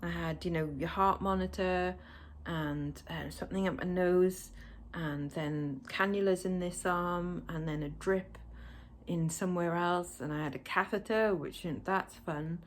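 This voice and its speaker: A woman's voice: fairly low pitch, fairly even intonation, a little slow, a little hiss or hum. A woman casually recounting a personal experience to camera, chatty and full of fillers, acting out the conversations she had. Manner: chatty, lots of fillers, acts out quoted exchanges. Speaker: vlogger. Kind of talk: casual storytelling vlog.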